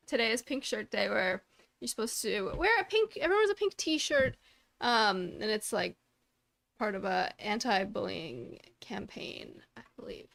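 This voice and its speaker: High-voiced bubbly woman streamer. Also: creaky. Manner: bubbly, greets chat by name, trails off into quiet asides. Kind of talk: casual live-stream chat.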